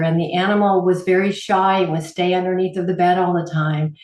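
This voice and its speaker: A woman guest, a holistic healer, telling stories in an interview and acting out the people she quotes. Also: fairly low pitch. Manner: animated, acts out quoted voices. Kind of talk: interview storytelling. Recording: roomy echo.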